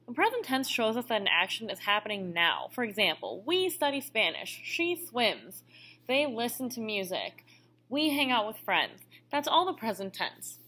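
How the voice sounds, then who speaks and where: A woman's voice: fairly high pitch, bright, forceful tone. A woman teaching a recorded language lesson who explains each step patiently. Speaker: Spanish teacher.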